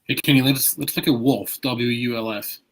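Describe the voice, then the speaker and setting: Guy in the trading room calling out a ticker from off to the side, normal pitch. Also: steady tone, normal speed, poor audio.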